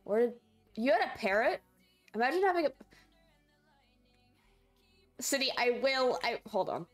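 Woman, streamer, high voice, excitable, rambling, casual livestream chat, faint music underneath. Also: brisk. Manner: excitable, rambling, shrieks and laughs. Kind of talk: casual game livestream chatter.

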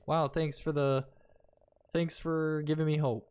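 A man's voice: on the high side, takes it slowly, darkish tone, smooth. Joking, profane male gaming streamer. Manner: joking, profane, laughs often. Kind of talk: casual horror let's play commentary.

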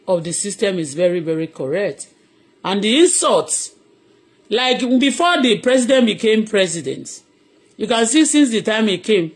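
A woman's voice: mid-range voice, breathy edge. Middle-aged Nigerian woman, Yoruba her first language, hosting live audio; rambling, heated rant that switches between Yoruba and English. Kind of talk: impassioned live audio commentary.

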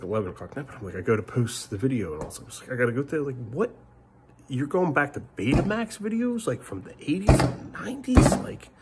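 A middle-aged man ranting in a vlog monologue, rambling and frustrated, swinging between loud outbursts and muttered curses. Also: on the low side, slight background noise. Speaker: family vlogger.

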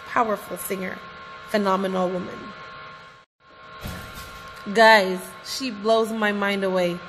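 Reacting to music, a woman vlogger is effusive and gushing, often addressing her viewers as "guys" in a voice on the high side with a fairly bright tone. Faint music from the video she's reacting to plays in a reverberant room.

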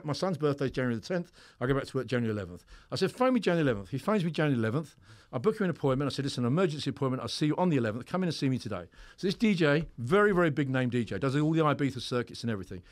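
A man's voice: medium pitch, expressive, very fast. A middle-aged man who works as a hypnotherapist, telling stories in a podcast conversation in a blunt, straight-talking way with plenty of swearing.

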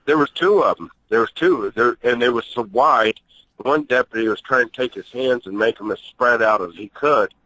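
A man's voice: medium pitch, moderate pace, fairly bright tone, no echo, low-quality recording. Plainspoken man recounting in a middle voice. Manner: plainspoken, rough-edged recounting. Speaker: guest recounting an encounter.

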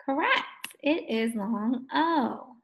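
Woman, first grade teacher; higher voice, unhurried, praising and patient. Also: expressive, vocal fry, dull audio. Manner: slow, encouraging, drawn-out words for children. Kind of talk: phonics lesson for young children.

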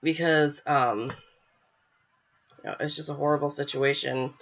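A woman's voice: sits low, fairly even intonation, unhurried, long pauses, lo-fi sound. A young woman hosting a live show, talking casually with lots of fillers, stuffy from a cold. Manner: chatty, filler-heavy, apologetic. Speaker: podcast host. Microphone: webcam.

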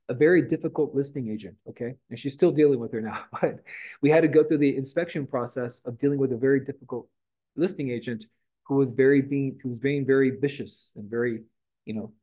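A middle-aged man gives a loose, conversational motivational talk to his team and keeps checking in with "right?" and "okay?". His voice is mellow and relaxed rather than bright. The recording is a little dull and lo-fi. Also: mid-range voice. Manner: casual, rambling, with mild swearing and frequent "right?" and "okay?". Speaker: real estate team leader. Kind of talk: motivational morning meeting talk.

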